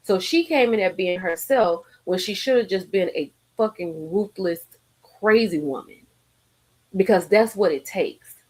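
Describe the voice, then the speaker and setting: A woman's voice: mid-range voice, unhurried. Lady on a livestream going off, sassy and cussing, laughing a lot, kinda tipsy. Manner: animated, sassy and profane, laughs often. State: a little tipsy from drinking. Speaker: livestream host. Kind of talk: casual live-stream commentary.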